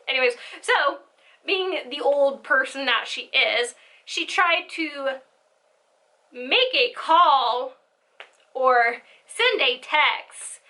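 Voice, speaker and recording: Young woman rambling thru a storytime vlog, giggly, bright high voice. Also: rough recording. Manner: rambling and giggly, with side tangents. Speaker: vlogger.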